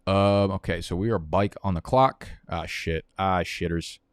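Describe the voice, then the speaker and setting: A man's voice: sits low, unhurried, smooth, no room sound, studio quality. A man hosting a live fantasy football draft stream, talking in a profane, heated, rambling way.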